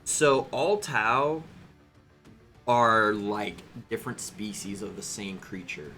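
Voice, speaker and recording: A man hosting a casual chat, telling a rambling, animated story with quick voiced asides. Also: fairly low pitch, faint music behind. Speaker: host.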